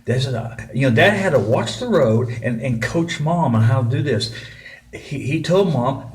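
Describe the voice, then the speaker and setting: A man's voice: medium pitch, animated, normal speed. A middle-aged man telling a personal story in a folksy, rambling way. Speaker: vlogger.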